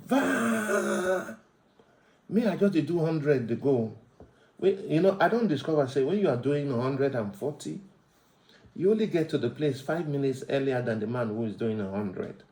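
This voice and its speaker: A man's voice: mid-range voice, lively intonation, normal speed, mellow, roomy sound, low-quality recording. A Nigerian man hosting a devotional podcast, preaching about road safety and rejoicing, mixing Pidgin into his English with emphatic rises. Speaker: podcast host.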